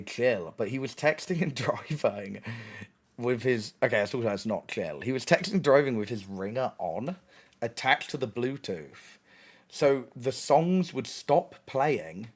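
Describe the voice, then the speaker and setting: A young man streaming, casually telling a story with lots of swearing, laughter and restarts. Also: mid-range voice. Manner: animated, sweary, laughing often, many restarts.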